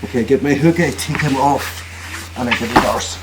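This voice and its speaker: A man leads a jiu-jitsu class at a retreat, explaining each move while he demonstrates it. His speech comes in short, halting bursts, and he keeps checking in with his students. The recording carries clear background noise from the training room. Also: medium pitch. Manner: chatty, checks in with "okay?" often; talks while moving on the mat, halting phrases. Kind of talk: live technique demonstration.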